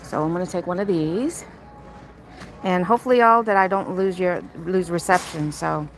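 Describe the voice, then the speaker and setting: A woman with a slightly low voice talks casually into her phone as she wanders a craft store. She muses aloud in a chatty, easygoing way, and faint store music plays behind her. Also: moderate pace, rough recording. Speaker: vlogger. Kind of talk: casual live-stream chat while shopping.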